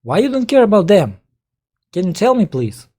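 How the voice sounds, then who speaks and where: A man's voice: high-pitched, big pitch swings, normal speed, mellow, husky. A man with a Russian accent whose first language is Russian, giving reaction commentary on a played video and firing exasperated rhetorical questions in broken English. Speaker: political commentator.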